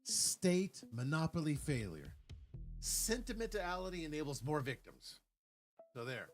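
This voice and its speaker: A man's voice: on the high side, very animated, unhurried, long pauses, faint music behind. A man on a livestream giving an argumentative political rant, reading comments aloud and rebutting them point by point with frequent restarts. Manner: stumbling restarts, lecturing tone.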